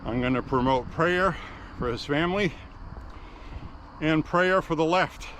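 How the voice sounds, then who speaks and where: A man's voice: on the high side, unhurried, fairly bright tone, slight background noise. Blunt emotional man vlogging on a walk. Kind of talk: walking vlog monologue. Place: outdoors walking by a road.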